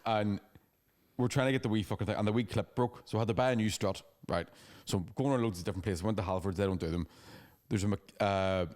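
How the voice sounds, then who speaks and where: Casting note: man, thirties, quick sweary anecdotes, lowish voice. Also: a little mellow. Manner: fast, sweary storytelling with laughing asides. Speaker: podcast co-host. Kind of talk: casual chat.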